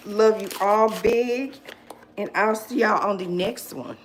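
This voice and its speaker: A woman's voice: medium pitch, measured pace, a bit bright, slight background noise. A woman in her forties hosting a casual live chat, who laughs often and answers viewers by name. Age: 40s.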